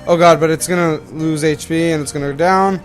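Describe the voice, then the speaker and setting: A man's voice: on the high side, steady tone, brisk, soft background music. A young man from Canada giving rambling, self-correcting commentary while hosting a game playthrough. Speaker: let's play host. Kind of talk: casual gameplay commentary.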